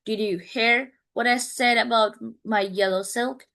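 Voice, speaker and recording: A woman voicing a spoiled, demanding young daughter who orders her mother about, reading aloud slowly in a lesson. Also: high voice, big pitch swings, a bit bright, voice pushed up, exaggerated voice. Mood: indignant. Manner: petulant, bossy.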